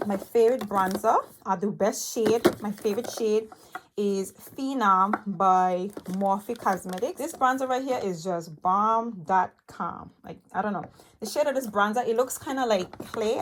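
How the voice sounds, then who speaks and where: A chatty woman reviewing her makeup in a loose, rambling way, her talk full of fillers and keen asides. She sounds a bit out of breath, recording on a tablet she holds, with a faint hiss and the odd click behind her. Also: mid-range voice. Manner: rambling, enthusiastic, full of fillers like "you know" and "um". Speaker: beauty vlogger. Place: home room cluttered with makeup. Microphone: tablet held in hand.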